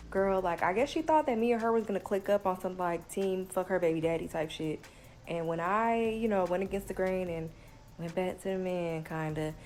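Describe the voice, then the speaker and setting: Young woman, own voice, vlog storytime host. Candid and profane, heavy "like" fillers, mid-range pitch, faint room ambience under the voice. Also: a little mellow, slight background noise, poor audio. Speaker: vlogger telling a personal story. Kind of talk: casual storytime monologue.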